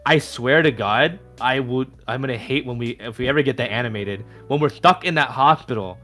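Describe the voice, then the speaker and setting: Bright-voiced swearing man in casual chat. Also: medium pitch, fairly quick, faint music behind. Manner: swears a lot, gets loud and ranty. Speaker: animator streaming.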